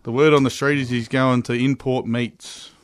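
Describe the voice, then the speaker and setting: Jokey Australian radio co-host. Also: male voice, mid-range voice, steady tone, moderate pace. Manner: laughing, jokey, self-mocking. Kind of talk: live radio banter.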